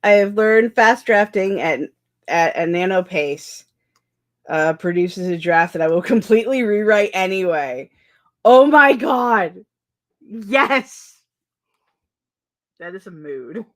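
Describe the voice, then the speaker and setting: A woman's voice: lowish voice, measured pace. A young woman chatting casually on a writing livestream, reading chat aloud and often restarting her sentences. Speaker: streamer hosting a writing session.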